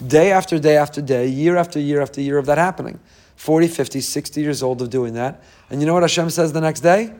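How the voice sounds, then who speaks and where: A man's voice: on the high side, fast, a little mellow. Earnest middle-aged male religious teacher, sermon delivery, builds force through repetition. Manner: earnest, emphatic, piles up repeated phrases. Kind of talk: inspirational sermon.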